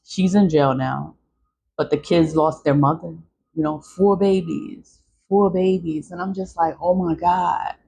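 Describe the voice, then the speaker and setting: A woman's voice: low-pitched, steady tone, measured pace, gravelly, warm tone, slight background noise. A middle-aged woman vlogger in a casual venting monologue, emphatic and repeating her points.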